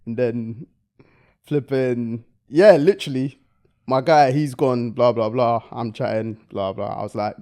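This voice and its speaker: A man's voice: mid-range voice, measured pace. A man, telling a story in casual podcast chat, full of slang. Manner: animated storytelling with London slang. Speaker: podcast co-host.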